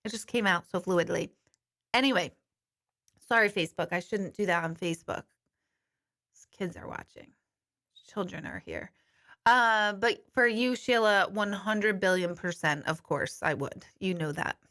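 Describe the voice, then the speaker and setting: Bright-voiced chatty woman medium. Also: medium pitch, normal speed. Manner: candid and chatty, swears then apologizes. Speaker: intuitive medium and life coach. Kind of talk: live-stream Q&A answering viewer comments. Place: studio.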